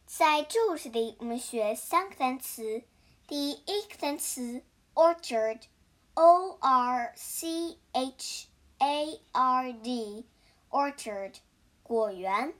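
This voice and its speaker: A woman teacher narrating a story slowly and carefully for language learners and spelling out words. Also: sits high, lively intonation. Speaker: English teacher and story reader.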